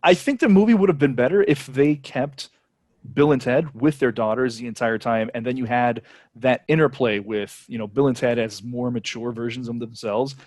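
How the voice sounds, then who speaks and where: A man's voice: mid-range voice, normal speed, darkish tone, no echo. A man co-hosting a podcast in casual chat, opinionated and full of "you know" fillers. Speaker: podcast co-host.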